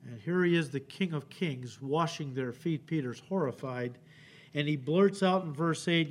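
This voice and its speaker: A man preaching a verse-by-verse sermon from the pulpit. His voice sits fairly high for a man, and he brings the scripture quotes to life as he reads them. He checks in with the congregation often. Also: moderate pace. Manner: animated, acts out quotes, frequent "okay?" check-ins. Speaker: pastor. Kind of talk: expository sermon. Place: church sanctuary.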